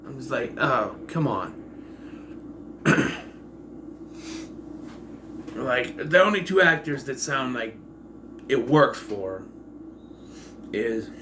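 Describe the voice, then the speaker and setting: A man giving a casual, rambling spoken movie review, often clearing his throat. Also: mid-range voice, takes it slowly, pauses often, bright, forceful tone, slight background noise.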